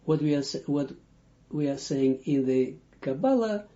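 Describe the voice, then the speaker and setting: A male Kabbalah teacher delivers an unscripted audio lesson in a slow, halting way, full of restarts while he gropes for words. His dark, fairly high-pitched voice is animated, and the audio is dull and lo-fi.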